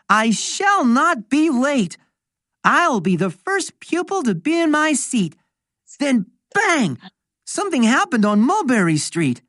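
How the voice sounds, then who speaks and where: A woman's voice: on the high side, dry recording, clean studio sound, heavily acted. A woman voicing a stammering, flustered schoolboy telling a long excuse in a storybook.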